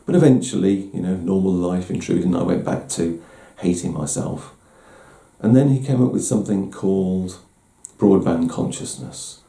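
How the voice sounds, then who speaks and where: Man hosting a candid personal talk: middle-aged, deep gravelly dark voice, self-deprecating, slightly echoey room. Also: moderate pace. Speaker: host. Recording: roomy echo.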